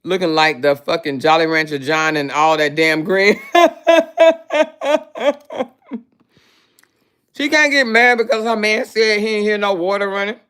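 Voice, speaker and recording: A woman's voice: medium pitch, steady tone, fairly quick, hardly any pauses, a bit bright, clear, resonant tone. A woman hosting a casual livestream, talking in a brash, profane, mocking way. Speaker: livestream host.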